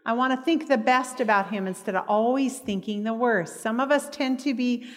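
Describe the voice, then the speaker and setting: A woman's voice: a little high, moderate pace, in a large hall. A woman giving a heartfelt preaching talk and telling personal stories. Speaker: speaker at a church meeting.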